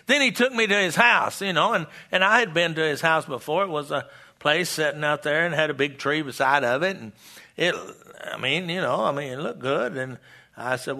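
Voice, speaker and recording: Older man, pastor type, bright edge to a fairly high voice, folksy sermon with lots of restarts. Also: normal speed, creaky. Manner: folksy, stammering restarts, call-and-response asides. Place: church.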